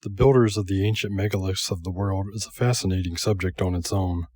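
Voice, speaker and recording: A man with a very low voice reads a scripted history voice-over. His delivery is measured and even, musing over open questions. He sounds like a solo channel narrator.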